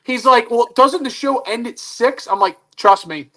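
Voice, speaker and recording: A man, a guest on a talk show, telling a story in a lively, self-mocking way. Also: extremely high pitch, normal speed. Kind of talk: casual radio talk show chat.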